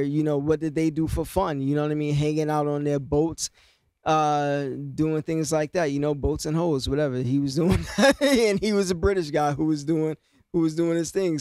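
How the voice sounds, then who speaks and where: A man's voice: fairly high pitch, darkish tone, clean tone, no room sound. A man casually explaining rap lyrics, half-rapping the lines and then talking them through with lots of "you know what I mean.". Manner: loose, conversational, many fillers like "you know what I mean".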